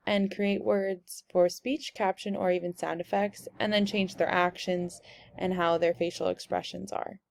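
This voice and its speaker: A young woman walking through a software tutorial step by step in a casual, explaining way. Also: mid-range voice, no room sound. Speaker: instructor.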